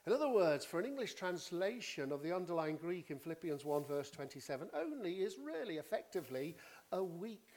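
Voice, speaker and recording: A man preaching an expository sermon, teaching deliberately and driving points home with emphatic repetition. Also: fairly high pitch, a little mellow.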